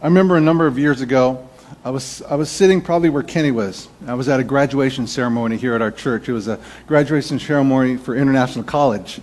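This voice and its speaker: Man, pastor, Sunday sermon, casual storytelling, mid pitch. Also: fast, a little mellow.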